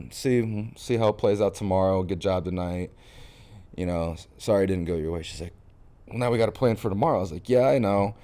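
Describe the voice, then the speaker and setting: A young man from Florida, a podcast guest, telling stories in a casual interview and acting out the lines he quotes. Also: low voice. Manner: animated storyteller, acts out quoted lines. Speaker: podcast guest, baseball catcher.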